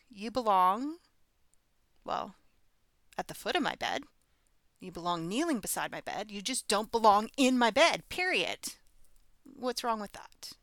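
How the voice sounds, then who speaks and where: A woman's voice: medium pitch, fairly bright tone, no room sound. A woman telling a story in a casual, blunt and frank way, breaking into laughing asides.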